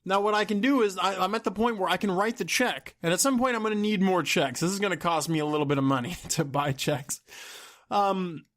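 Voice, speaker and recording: A man hosting his own podcast, complaining in an exasperated, animated way with laughs and sudden outbursts. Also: high voice. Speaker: podcast host. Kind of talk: solo ranting podcast.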